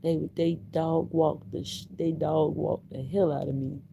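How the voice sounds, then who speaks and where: A woman tells a story on a casual livestream. Her voice is very dark and mellow, and she speaks slowly and a little low. She circles back on her words, with a faint hum in the background. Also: fairly even intonation, gravelly, highs cut off. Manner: emphatic, repeats herself, laughs between lines.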